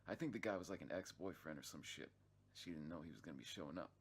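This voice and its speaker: A man with a low voice tells a personal story in loose, unscripted narration. He swears often, loses his thread, and restarts his sentences. His delivery stays casual and conversational throughout. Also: fast, a little hiss or hum. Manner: rambling, swears freely, many restarts and fillers. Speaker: vlog narrator.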